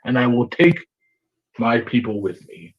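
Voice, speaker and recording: A man voicing a fat, lazy, scheming male goblin king who speaks in a whiny, drawn-out, self-pitying way. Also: medium pitch, sing-song, husky, lo-fi sound. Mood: whiny, imperious.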